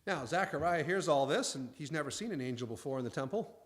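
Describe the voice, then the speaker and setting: A male preacher telling a Bible story in a relaxed, folksy way. His voice is fairly high for a man and swings up and down a lot as he plays out the characters' lines. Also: quick pace. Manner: folksy, acts out the angel's lines. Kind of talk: conversational sermon.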